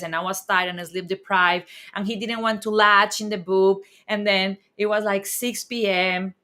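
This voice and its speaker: A woman's voice: medium pitch, bright, forceful tone. A woman hosting a parenting interview, asking questions in an earnest way and thinking aloud as she talks. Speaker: host. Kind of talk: casual interview.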